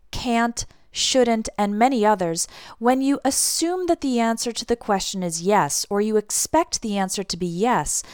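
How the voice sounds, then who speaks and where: Woman, english teacher, clear deliberate delivery, lively intonation, dry close sound. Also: mid-range voice, no echo. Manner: clear, deliberate, modeling intonation on example phrases. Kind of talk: scripted language lesson.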